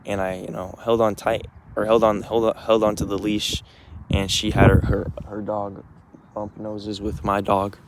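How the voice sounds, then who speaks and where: A man's voice: lowish voice, monotone, normal speed, background noise. A young man vlogging while walking his dog outdoors, talking in a loose, rambling way full of fillers and restarts. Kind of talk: casual rambling walk-and-talk.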